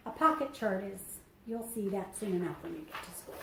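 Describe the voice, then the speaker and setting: A woman reading a picture book aloud to preschoolers, slow and sing-song, stopping to explain things to the children. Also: medium pitch, lively intonation, vocal fry, fairly bright tone. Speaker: children's librarian. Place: library room. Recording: echoey room.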